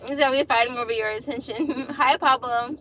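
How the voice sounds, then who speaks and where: A woman's voice: sits high, fairly even intonation, fairly quick, a bit bright, a little hiss or hum. A woman in her twenties chatting casually with viewers on a phone live stream, laughing often and repeating herself. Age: 20s. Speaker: vlogger hosting a live stream.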